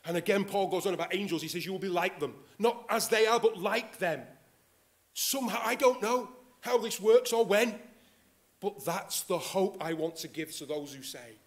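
Man, pastor, sermon in church, fairly high voice, earnest, animated emphasis, quiet low asides. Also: moderate pace.

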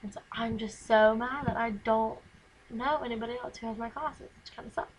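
A woman's voice: a little high, steady tone, a little fast, a little hiss or hum, rough recording. A teenage girl, rambling in a casual vlog from her bedroom, filling her talk with "like", recorded on a camera mic. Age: teens. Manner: chatty, rambling, lots of "like". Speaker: vlogger.

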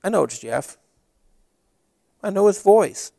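Male pastor, high voice with a lot of lift, dry close sound; storytelling sermon that builds to emphatic preaching. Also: expressive, slow pace, creaky, mellow, dry recording.

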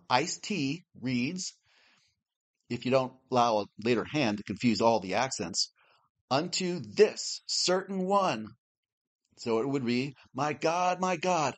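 A man teaching a Bible class, reading a prepared lesson in a measured, explanatory way and slowly spelling out letters. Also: medium pitch.

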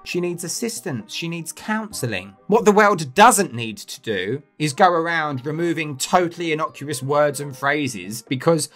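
A man's voice: fairly high pitch, animated, a little slow, hardly any pauses, a bit bright, soft background music. A man hosting a comedic rant, sweary and sarcastic, with mocking outbursts. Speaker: host.

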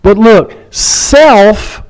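A male pastor delivers a sermon with a high-pitched voice. He is animated and acts out the people he quotes, shifting his voice for each one. His tone moves between emphatic peaks and softer, lower asides. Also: extremely slow, clean tone, poor audio.

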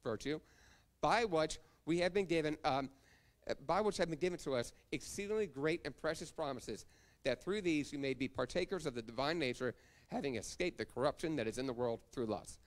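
A man preaching a sermon to his church, his voice sitting a little high for a man. He moves through scripture references one after another, then calls out to the congregation for an amen. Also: fairly quick. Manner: preaching, reading scripture references and calling for amens. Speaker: pastor.

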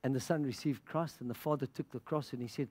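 A man's voice: mid-range voice, fairly even intonation, fast, mellow, husky. A middle-aged man from Africa, preaching a sermon as a pastor, telling stories with passion and laughter and acting out what people said. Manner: passionate storytelling with laughter and quoted dialogue.

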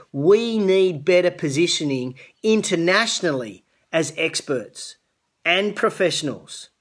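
A middle-aged man with an Australian accent delivers an earnest motivational talk to camera. His voice sits somewhat high for a man, and he talks like a coach urging his listeners. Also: slightly rough. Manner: earnest, coaching, greets viewers by name. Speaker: host of a business show. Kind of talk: live-streamed motivational talk.

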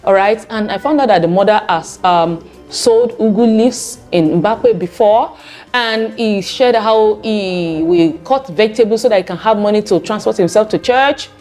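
A woman's voice: mid-range voice, normal speed, darkish tone, faint music behind. A woman from Nigeria hosting a channel, talking chattily to viewers and repeating "okay" often. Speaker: channel host. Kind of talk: casual vlog commentary.

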